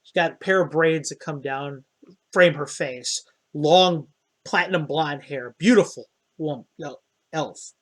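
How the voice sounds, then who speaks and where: A man running a tabletop game as dungeon master, describing scenes in a relaxed way with hesitant fillers. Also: a little high, measured pace.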